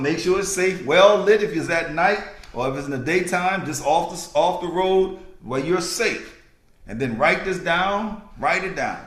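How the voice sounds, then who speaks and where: Male podcast host, high voice, slow and sermon-like, echoey room. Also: a bit bright. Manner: preacher-like, repeats key lines slowly for emphasis. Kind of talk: motivational podcast talk.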